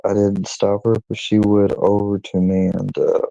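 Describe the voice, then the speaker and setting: A man casually telling a personal story to his channel, in a meandering, halting way with many restarts. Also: fairly low pitch, monotone, vocal fry, mellow, dry recording, dull audio. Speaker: channel owner.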